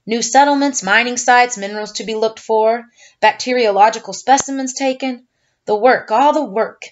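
A woman's voice: fairly high pitch, normal speed, close to an everyday voice. Woman doing a talkative army captain, rambling plans, a bit muffled. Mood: brisk. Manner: rambling, planning aloud. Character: military captain, brisk and talkative.

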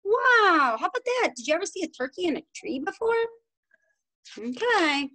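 A preschool teacher reads a picture book aloud to little kids, her voice high and sing-song. She is animated, pausing to ask the children questions about the story. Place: home.

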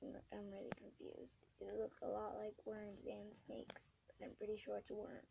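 A woman giving gameplay commentary, excitable, swinging from hushed whispers to sudden shrieks. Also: mid-range voice, moderate pace, creaky, background noise. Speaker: gamer.

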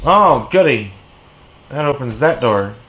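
A man playing a video game and commenting as he goes, excitable, yelling and swearing at his units. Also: a little slow, background noise. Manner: reads in-game text aloud in a low, quiet voice. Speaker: let's play gamer.

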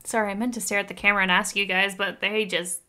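A woman's voice: medium pitch, flat delivery, fast, pushed and bright, clear, resonant tone, faint music behind. A woman with a Canadian accent hosting a reaction video, gushing and laughing often as she comments.

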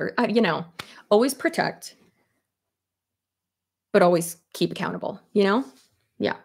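Chatty, swearing woman with a gravelly voice. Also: medium pitch, moderate pace, long pauses. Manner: chatty, animated, swears casually, many "like" fillers. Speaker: commentary YouTuber. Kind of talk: casual commentary chat, reading live comments.

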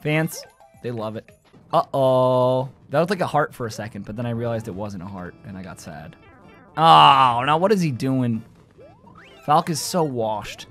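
A man giving live gameplay commentary, joking with his chat and yelling and squealing when things go wrong. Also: medium pitch, normal speed, soft background music. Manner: excitable, yells and squeals at game moments. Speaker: gaming streamer.

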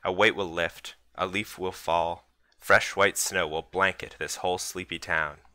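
A man's voice: low voice, steady tone, measured pace, pushed and bright, clean tone, no room sound. A man reading a teasing, sick father who speaks in grand mock-solemn poetry.

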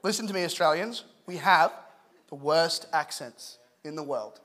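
Pitched on the high side and moving at a moderate pace, this preacher, an Englishman in his thirties, keeps his sermon light with joke-filled stories told animatedly.

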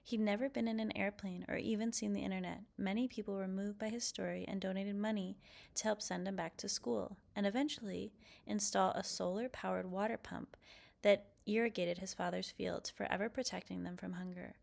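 A woman reading a children's picture book aloud, lively and expressive, then posing questions to young listeners. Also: mid-range voice, brisk, creaky. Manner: expressive, lively character quotes. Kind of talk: read-aloud storytelling.

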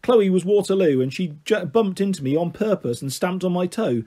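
A man narrating a children's book in a gentle, steady reading voice. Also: sits high, normal speed, slightly rough. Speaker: storyteller.

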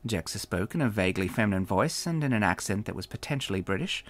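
A male author narrating his own audiobook in a wry, expressive storytelling style. His voice sits low but moves lively through each line, recorded dry and close with faint music underneath. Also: quick pace, hardly any pauses, dry recording.

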